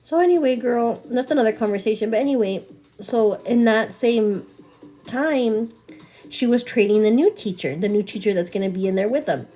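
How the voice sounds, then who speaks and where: Chatty young woman with a mellow voice. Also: a little high, normal speed, soft background music. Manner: chatty, animated, calls viewers girl. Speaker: live morning show host. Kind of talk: casual storytelling chat.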